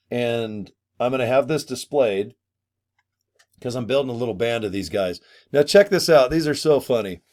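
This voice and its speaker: A middle-aged man talking casually to camera in an excited, rambling way. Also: medium pitch. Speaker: vlogger.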